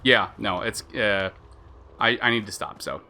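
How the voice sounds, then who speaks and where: A man's voice: lowish voice, fairly even intonation, unhurried, bright, forceful tone, a little hiss or hum. A man streaming a video game, commenting in a casual, rambling way with lots of fillers. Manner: rambling, chatty, lots of fillers and self-interruptions. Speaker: gaming streamer.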